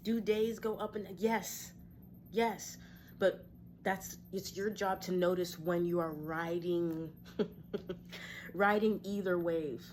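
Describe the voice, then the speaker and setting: A woman giving a tarot reader's reflective, encouraging talk to viewers from her home, with occasional sighs and soft laughs. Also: on the low side, fairly even intonation, takes it slowly, slight background noise. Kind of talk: casual spiritual talk to viewers.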